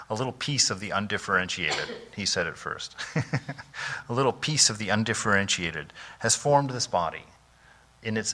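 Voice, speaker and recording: Bright-voiced man giving a relaxed talk. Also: on the low side. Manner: conversational, many "you know"s and restarts, laughs easily. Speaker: monk lecturer. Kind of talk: informal spiritual lecture. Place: temple hall.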